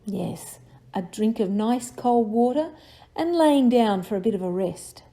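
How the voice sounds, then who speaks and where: Woman, children's teacher, lively sing-song pitch, slightly high, unhurried. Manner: encouraging, sing-song tag questions. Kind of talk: story review questions for children.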